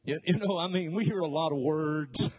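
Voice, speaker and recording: A middle-aged man preaches in a folksy, storytelling way, slipping in jokes and acting out the people in his stories. His voice is husky and sits a little high for a man. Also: normal speed, a little mellow. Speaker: pastor. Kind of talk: sermon.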